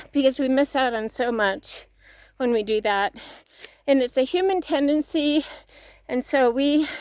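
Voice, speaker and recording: A fairly high-voiced woman talks outdoors as she walks, a little out of breath, giving an earnest, preachy motivational talk that circles back on its own phrases. The sound is close and dry. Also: dry recording. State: slightly out of breath. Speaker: fitness vlogger. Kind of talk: motivational talk while walking.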